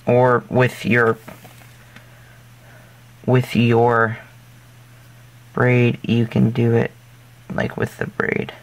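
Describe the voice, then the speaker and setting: A man of ordinary pitch walks through a craft project step by step, in a loose, casual way. He rambles, corrects himself mid-sentence and leans on fillers. Now and then he slips in a goofy, self-deprecating joke. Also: completely flat delivery, extremely slow, long pauses. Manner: jokey and self-deprecating asides. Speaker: craft tutorial host.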